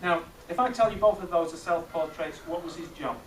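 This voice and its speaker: A middle-aged man teaching a class of children, asking lively questions and checking with tag questions. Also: on the high side, brisk. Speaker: teacher leading a maths master class. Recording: echoey classroom from far off, noisy.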